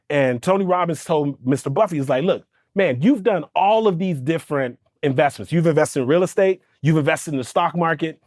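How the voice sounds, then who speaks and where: A man in his thirties tells a personal story in a relaxed interview. He is animated and acts out the people he quotes, his voice sitting a little high. The sound is dry and close, with no room echo. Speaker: guest, storytelling coach.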